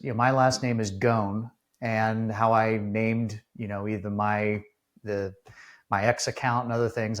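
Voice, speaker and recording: Earnest, halting male podcast host. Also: lowish voice. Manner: earnest, halting, with many restarts. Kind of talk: casual interview talk.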